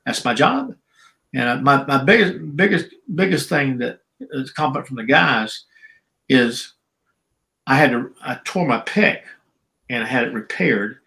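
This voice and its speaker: A man's voice: a little slow, creaky, poor audio. An older man, a former pro wrestler telling long stories in a podcast interview and acting out the voices he quotes. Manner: animated storyteller, acts out quotes with shifting pitch. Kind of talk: storytelling interview. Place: podcast recording.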